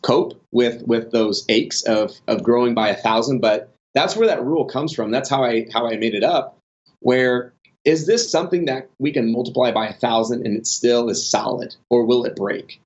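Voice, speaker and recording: A man's voice: mid-range voice, normal speed. Chatty man telling business stories, lo-fi. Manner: rambling, many restarts and fillers, animated in stories. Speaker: podcast guest, online business owner. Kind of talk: casual conversational storytelling.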